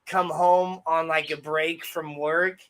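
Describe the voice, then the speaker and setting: A man's voice: on the high side, slow. A young man co-hosting a livestream, telling rambling stories in casual chat with plenty of fillers. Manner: rambling, relaxed storytelling with fillers. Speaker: co-host.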